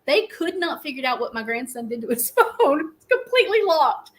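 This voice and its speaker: A woman's voice: high voice, lively intonation, fairly quick, few pauses, fairly bright tone, low-quality recording. A middle-aged woman, hosting a casual live stream and telling rambling stories with frequent laughs. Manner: chatty, rambling storyteller, laughs often.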